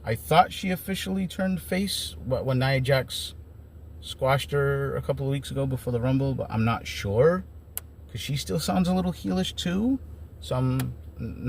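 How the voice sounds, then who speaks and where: A man's voice: medium pitch, moderate pace, creaky, slight background noise. A man giving a casual, rambling recap of wrestling shows as an enthusiastic fan. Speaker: wrestling commentator.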